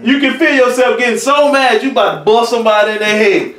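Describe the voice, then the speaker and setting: High-voiced church elder preaching casual and lively, roomy echo, mic far away. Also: male voice, fast, slight background noise. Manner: lively, conversational, animated preaching with laughs. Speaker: church elder teaching a lesson. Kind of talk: preaching a Bible lesson.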